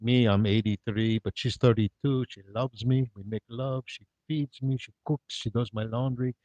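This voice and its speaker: A man playing a despairing eighty-three-year-old man in a told joke, with a mournful, deadpan delivery. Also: medium pitch, normal speed, dry recording, close to an everyday voice. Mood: gloomy. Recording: dull dry lo-fi recording.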